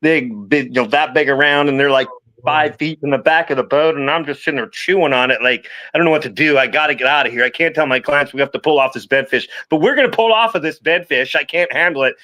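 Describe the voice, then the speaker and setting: A man, a fishing guide chatting casually on a podcast and telling animated stories. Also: fast. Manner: animated storyteller, acts out quotes with big pitch jumps. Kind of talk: casual chat.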